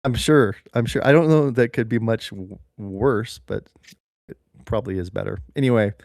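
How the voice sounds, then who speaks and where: Deep-voiced rambling podcast co-host. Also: male voice, normal speed, gravelly, dry recording, studio quality. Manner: rambling deadpan storytelling. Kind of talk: casual comedic chat.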